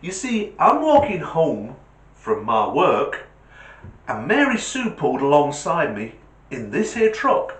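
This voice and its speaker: A man with a British accent voicing a cheeky, clever little boy in a joke, in a high boyish voice that sounds sly and cocky. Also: huge pitch swings, slow pace, a bit bright, heavily acted. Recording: roomy echo.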